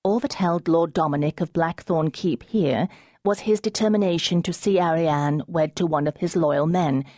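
A woman narrates an audiobook in a measured, expressive manner. Her voice sits low and calm. The recording is dry and close, with no room sound. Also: no echo. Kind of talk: scripted narration.

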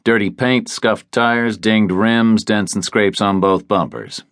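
A man's voice: lowish voice, takes it slowly, fairly bright tone, dry recording, pitched above the performer's own voice. A male narrator voicing a blunt, observant tough drifter in an audiobook, in a dry studio. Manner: blunt, observant, matter-of-fact. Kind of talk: audiobook character reading.

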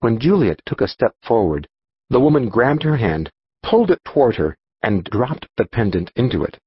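A man narrating a children's audiobook in an expressive storytelling manner. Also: mid-range voice, normal speed, slightly rough, no room sound, muffled recording. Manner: expressive storytelling, voicing dialogue.

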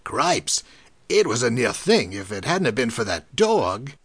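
A man voicing a burly, shaken truck driver with a hoarse, bellowing voice. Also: medium pitch, big pitch swings, measured pace, a bit bright, no room sound, pitched below the performer's own voice, full character voice.

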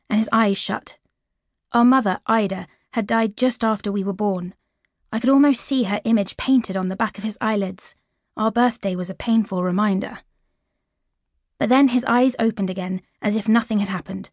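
A woman from the United Kingdom narrating a children's audiobook in a clear, lively storytelling manner. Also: medium pitch, moderate pace, no echo, clean studio sound.

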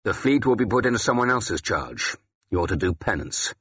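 A man voicing a gruff, battle-hardened older Saxon ealdorman who snarls and growls his blunt, weary words in an audiobook. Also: lowish voice, big pitch swings, moderate pace, a bit bright, lo-fi sound, exaggerated voice. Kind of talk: audiobook character voice.

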